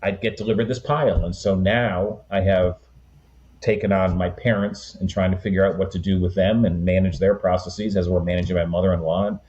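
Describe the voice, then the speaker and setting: Deep-voiced older man telling family stories. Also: fairly quick, highs cut off. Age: 60s. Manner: relaxed, rambling anecdotes with frequent "um" and "you know". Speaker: guest. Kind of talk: conversational storytelling.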